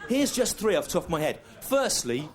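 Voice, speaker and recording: A man from England performing a live stand-up routine, deadpan and ironic, with halting self-corrections. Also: sits high. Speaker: stand-up comedian. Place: live comedy venue. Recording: noisy live stand-up recording.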